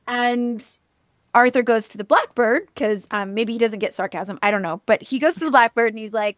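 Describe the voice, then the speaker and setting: Casting: animated, chatty woman podcast co-host with a high-ish voice and a casual storytelling style. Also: normal speed, dry recording, studio quality. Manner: chatty, animated, with frequent ums and likes.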